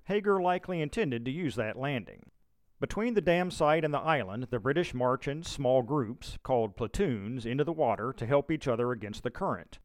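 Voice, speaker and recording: A man narrating a scripted historical audio tour in a measured, steady reading voice. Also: medium pitch, no echo. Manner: measured, steady reading with brief quoted shouts.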